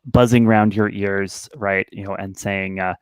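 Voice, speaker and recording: A man narrating as game master of a tabletop game, halting and full of fillers. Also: lowish voice, fairly even intonation, clear, resonant tone, no echo. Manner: rambling, halting, many fillers.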